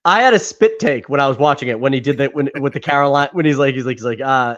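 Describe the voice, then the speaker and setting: A man's voice: medium pitch, fast talker, hardly any pauses, a bit bright. A man co-hosting a casual movie review podcast, laughing often and acting out lines from scenes. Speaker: podcast co-host. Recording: dull lo-fi sound.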